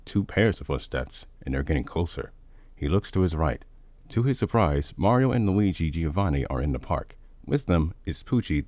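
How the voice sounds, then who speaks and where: A man giving steady, matter-of-fact scripted narration of a fan-made story. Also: sits low, no echo.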